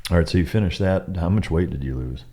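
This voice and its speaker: A man's voice: low voice, fast, dark tone. A man hosting a podcast interview, talking bluntly with lots of swearing and dry humor. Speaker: podcast host. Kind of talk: casual profane interview chat.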